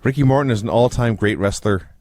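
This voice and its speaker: A man's voice: mid-range voice, quick pace, darkish tone, dry recording. A man co-hosting a casual review podcast, retelling old wrestling segments in a dry, wry storytelling manner.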